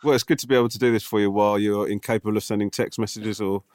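A man's voice: fairly low pitch, steady tone, racing, darkish tone, dry recording. A man co-hosting a podcast as a comedian, talking frankly and teasing his partner in a dry way. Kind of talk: casual chat.

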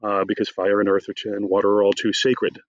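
Guy gushing about his book, talks fast and excited, kinda muffled dead-dry audio. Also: on the low side, no room sound. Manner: fast, excited, digresses with asides. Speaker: author discussing his book. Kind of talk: animated conversational interview.

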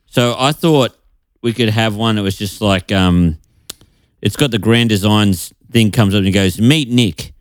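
A man co-hosting a comedy podcast over a video call, rambling and stammering as he pitches a joke, often laughing at himself. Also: measured pace, no echo, studio quality. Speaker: podcast co-host. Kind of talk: casual comedy chat.

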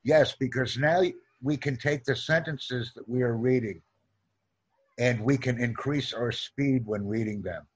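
A man teaching an online English lesson, speaking in slow, deliberate drills and repeating sentences for practice. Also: mid-range voice, slight background noise.

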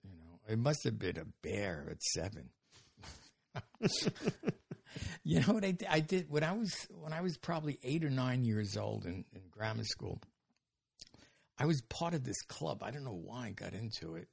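A man's voice: medium pitch, sing-song, moderate pace, gravelly, long pauses, slightly rough. A man in his seventies, a rambling, jokey storyteller chatting casually in an interview about running comedy shows. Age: 70s. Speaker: comedy show producer.

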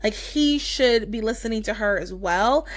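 A woman's voice: fairly high pitch, lively intonation, normal speed, no echo. A young woman co-hosting a podcast, gushing in casual chat with lots of fillers. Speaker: podcast co-host.

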